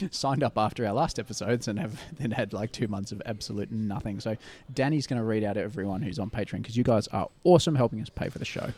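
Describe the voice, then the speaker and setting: Chatty podcast co-host. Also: male voice, fairly low pitch, fast talker. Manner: loose, chatty shout-outs to listeners. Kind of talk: casual chat.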